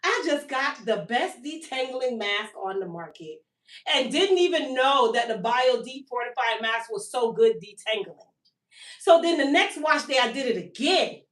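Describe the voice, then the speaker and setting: A woman, hosting a live stream for her hair care business and telling a long-winded, animated story about her toddler. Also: on the high side, moderate pace, distant mic. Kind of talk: casual live-stream sales chat. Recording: echoey room, voice a bit off-mic.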